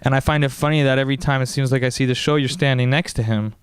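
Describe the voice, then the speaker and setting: Male interviewer, even middle pitch, polished tone. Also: fast, clear, resonant tone, no room sound. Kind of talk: interview questions. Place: fight gym.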